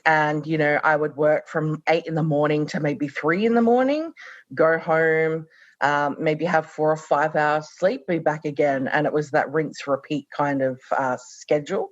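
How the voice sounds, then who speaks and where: A woman's voice: low-pitched, a little slow, no echo, muffled recording. A woman in her thirties from Australia, a podcast guest speaking reflectively with many fillers. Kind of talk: conversational podcast interview.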